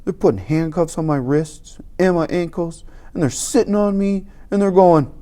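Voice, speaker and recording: A reader giving an animated, emphatic first-person narration of a novel. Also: medium pitch, moderate pace. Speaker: audiobook reader.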